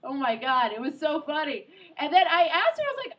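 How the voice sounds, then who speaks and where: Brief: thirties woman comic, high voice, quick joking asides, hosting a live set. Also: sing-song, fairly bright tone, low-quality recording. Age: 30s. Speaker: stand-up comedian and show host. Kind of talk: stand-up comedy. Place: outdoor comedy show on a pier. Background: audience.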